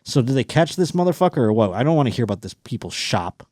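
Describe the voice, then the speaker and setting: A man's voice: mid-range voice, fast, no echo. A man hosting a comedy podcast, talking in a loose, crude way and swearing at every turn. He mocks and riffs on the stories he reads out, in a mid-range voice. The sound is dry and close, with no room around it. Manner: crude, animated, mocking, swears constantly. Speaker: podcast host. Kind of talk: casual comedic chat.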